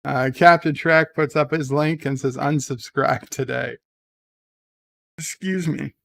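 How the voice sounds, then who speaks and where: Gravelly man hosting a live chat stream. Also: mid-range voice, steady tone, a little slow. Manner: chatty, rambling, reads viewer comments aloud.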